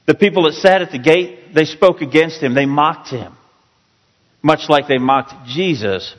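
A man preaching a sermon, reading scripture slowly and rising to pleading emphasis. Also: a little high. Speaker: pastor. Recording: long reverb of a large hall.

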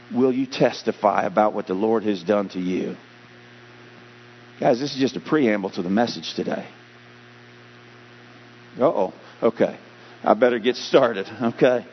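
Animated male pastor preaching in a hall. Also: mid-range voice. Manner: animated preaching, rising loud and slowing for emphasis. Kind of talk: sermon. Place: church sanctuary. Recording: dull, humming church hall recording.

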